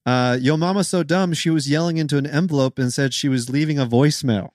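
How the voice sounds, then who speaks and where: A man's voice: a little high, fast talker, darkish tone, no echo, studio quality. A man hosting a comedy podcast who chats casually and reads listener jokes aloud in an easygoing way. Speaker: podcast host. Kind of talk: casual comedy-writing chat.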